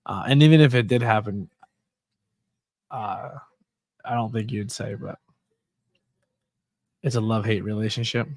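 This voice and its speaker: A lowish, steady, slightly mellow male voice moves unhurriedly with long pauses as he hosts a casual wrestling-watching livestream. Sleepy and yawning, he chats loosely and laughs at the stories he tells, keeping things laid-back. It's a dry recording.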